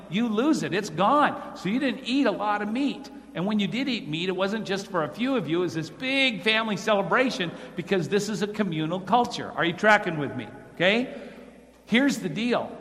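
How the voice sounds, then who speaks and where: A man preaches to his congregation in a fairly high voice and asks his listeners direct questions. His voice carries through a church hall with a long reverb. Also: lively intonation, moderate pace, a bit bright. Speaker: pastor. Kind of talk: sermon.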